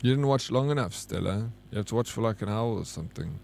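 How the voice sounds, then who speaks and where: A man's voice: on the low side, fast talker, gravelly, a little mellow. A man streaming a video game, chatting casually with viewers and reacting to what he sees. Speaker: gaming streamer. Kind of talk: casual gameplay commentary.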